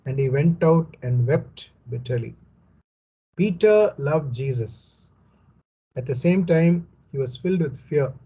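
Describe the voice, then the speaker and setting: A man's voice: fairly high pitch, animated, slow, warm tone, husky. A man teaching a Bible study, explaining step by step, repeating his points and adding conversational asides. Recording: dull lo-fi recording.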